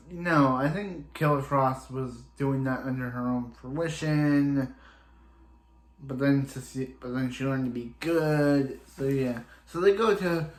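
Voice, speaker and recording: In an echoey room, a man with a voice on the high side casually recaps and reviews a TV episode. He rambles and chats, leans on "he's like" and keeps restarting, openly opinionated and exasperated about one character.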